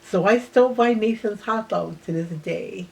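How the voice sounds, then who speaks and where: A woman in her sixties slowly telling a personal childhood memory in a reflective way, sometimes dropping to a near-whisper. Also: medium pitch, vocal fry. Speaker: host. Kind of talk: personal storytelling.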